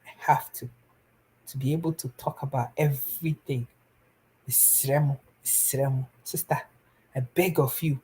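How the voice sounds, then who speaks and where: Her voice is very deep and dark, her intonation fairly even and her pace measured. She is a young Ghanaian woman hosting a live stream, earnestly and pleadingly advising viewers in a casual talk that mixes Twi with English.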